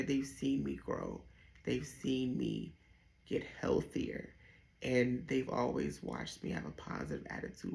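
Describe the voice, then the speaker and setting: A young man candidly telling his personal story, hesitant, with many pauses and restarts. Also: mid-range voice, vocal fry. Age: young adult. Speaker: vlogger sharing his dialysis story.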